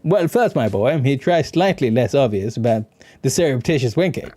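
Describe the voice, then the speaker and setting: A man's voice: mid-range voice, animated, moderate pace, dark tone, no echo, close to an everyday voice. A man voicing a pompous, condescending male bookseller, drawling his lines in a video game playthrough. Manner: pompous, drawling "my dear chap".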